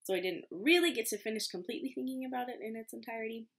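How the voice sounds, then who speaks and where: A woman's voice: fairly high pitch, rapid-fire, slightly rough. A woman in her twenties, a medical student, telling a story casually to the camera in a chatty way full of fillers and self-mocking remarks. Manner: chatty, filler-heavy, self-deprecating with frequent laughs. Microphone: camera mic, home recording.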